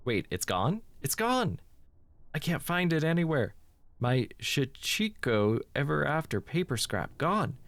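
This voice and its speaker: A man voicing a frightened, fretful teenage schoolgirl lost in a horror game, reading her lines slowly. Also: on the low side, animated, no room sound. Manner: anxious, fretful.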